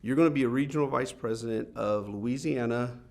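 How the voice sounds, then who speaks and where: A man's voice: mid-range voice, a little fast, gravelly, darkish tone, close to an everyday voice. A man sketches a blunt older Texan businessman with a country drawl. He is folksy and direct and calls the younger man son.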